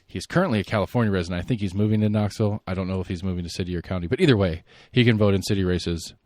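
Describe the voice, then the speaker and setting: Low-voiced man rambling through politics. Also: racing, no room sound, clean studio sound. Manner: rambling, opinionated, thinks out loud. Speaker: podcast host. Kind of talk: solo political commentary.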